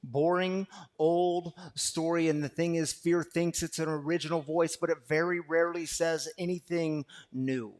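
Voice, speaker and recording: A pastor preaches to a live congregation in a room, calling them "y'all" and acting out an inner dialogue with his own fear. His voice is a little high, with fairly even intonation and a measured pace.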